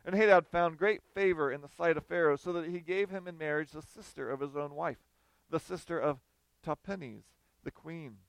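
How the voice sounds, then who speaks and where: A man preaching a sermon, reading scripture, then explaining it in a lively, conversational way. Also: fairly high pitch, moderate pace, creaky, clear, resonant tone, no room sound. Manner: animated, conversational, acts out quoted voices.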